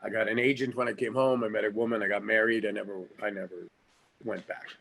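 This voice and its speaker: A man's voice: fairly low pitch, fairly even intonation, quick pace, vocal fry, fairly bright tone. A middle-aged man from Canada, a guest actor in a casual podcast interview, talking frankly with many stammering restarts.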